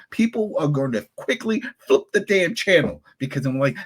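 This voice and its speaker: A man hosting a podcast, ranting angrily and animatedly with sudden jumps in pitch. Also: very animated, moderate pace, hardly any pauses. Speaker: podcast host. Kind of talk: heated podcast rant.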